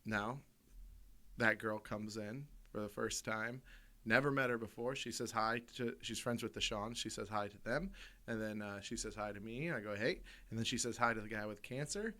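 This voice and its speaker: A man's voice: on the low side, moderate pace, bright, forceful tone. A man co-hosting a comedy podcast, telling rambling stories in a casual, self-amused way and laughing in the middle of them. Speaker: podcast co-host. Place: podcast studio.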